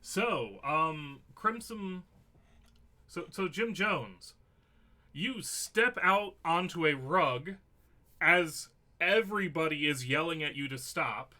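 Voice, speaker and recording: A man's voice: fairly high pitch, lively intonation, takes it slowly, pushed and bright. A man narrating a tabletop game as game master, with wry, theatrical descriptions.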